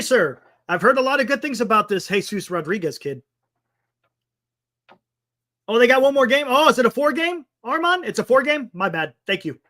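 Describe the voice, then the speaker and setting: A man hosts a casual sports talk stream, rambling through the standings and answering his chat with a sarcastic edge. His voice sits high and swings widely in pitch as he talks. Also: bright, forceful tone. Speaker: sports talk show host.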